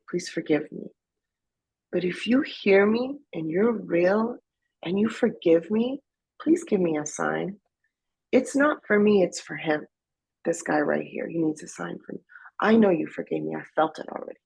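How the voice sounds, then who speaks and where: A woman's voice: fairly low pitch, vocal fry, a little mellow, husky, poor audio. A young woman from Afghanistan telling her personal testimony as a guest, emotional and slipping into whispers when she quotes herself.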